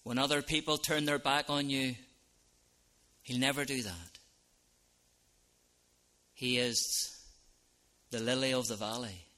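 Male minister preaching slow and earnest, bright forceful voice, goes quiet then loud. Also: medium pitch, steady tone. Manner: earnest preaching with sudden soft drops and loud rises. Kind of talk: evangelistic sermon.

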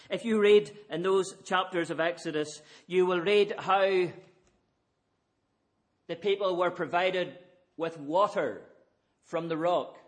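A man's voice: high voice, takes it slowly. A man preaching an evening sermon, earnest and emphatic, pressing his listeners with repeated rhetorical questions.

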